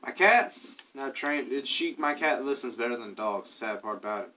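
A man's voice: medium pitch, animated, moderate pace, sharp tone, far from the mic. A man casually chatting and rambling to himself while playing a survival game, telling offhand stories. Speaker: gaming YouTuber. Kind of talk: casual gameplay commentary.

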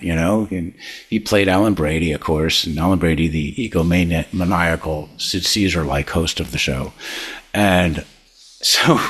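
A man's voice: low voice, slightly rough. An older man, a comedy writer, telling rambling show-business stories as a podcast guest, laughing often. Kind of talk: casual anecdotal storytelling.

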